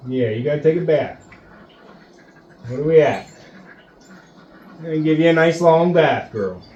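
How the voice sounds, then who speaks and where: A man's voice: fairly high pitch, expressive, measured pace, husky, lo-fi sound. A man on a homestead talking casually and soothingly to his chickens and dog in the coop on a winter day. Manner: gentle, coaxing, soothing talk to animals. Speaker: homesteader vlogger.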